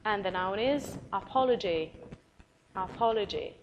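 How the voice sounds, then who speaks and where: A woman teacher with an Arabic accent giving a recorded English vocabulary lesson, encouraging, spelling words out letter by letter and repeating them slowly. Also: medium pitch, lively intonation, lo-fi sound, a little hiss or hum.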